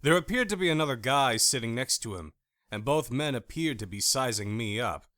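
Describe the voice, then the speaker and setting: A man narrating a first-person audiobook in an expressive, animated reading style on a close studio mic. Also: medium pitch, brisk, dry recording.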